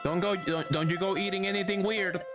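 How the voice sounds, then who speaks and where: A streamer voicing a caring, fretful mother beaver creature from a video game, in a gentle, doting manner, over game music. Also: medium pitch, fairly even intonation, fairly quick, close to an everyday voice.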